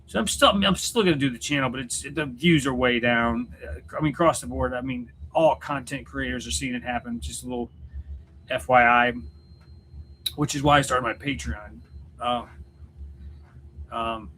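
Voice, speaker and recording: Bright-voiced man rambling on a livestream. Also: medium pitch, moderate pace, long pauses, slight background noise. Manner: rambling, self-interrupting, joking. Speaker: YouTube channel host and musician. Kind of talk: casual livestream chat. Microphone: computer setup at home.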